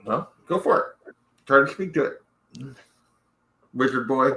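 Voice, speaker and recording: A man playing a tabletop game, talking quickly and joking with friends. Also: medium pitch, lively intonation, bright, forceful tone, a little hiss or hum. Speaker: player. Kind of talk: casual game chat.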